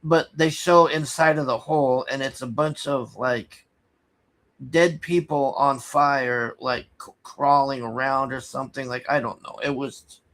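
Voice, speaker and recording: Man, unhurried, rambling movie recap full of restarts and sighs. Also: mid-range voice, fairly bright tone. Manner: rambling, halting, many restarts and fillers; exasperated, sighing. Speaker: movie reviewer. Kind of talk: casual spoken movie recap.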